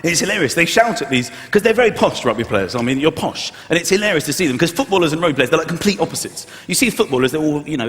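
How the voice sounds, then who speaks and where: A man's voice: a little high, fast talker, hardly any pauses, noisy background. A man doing live stand-up comedy on a big stage, acting out characters with big swings in his voice. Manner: animated, acts out characters with big shifts in voice. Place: large theatre stage with a loud audience. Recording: echoey theatre hall, loud audience.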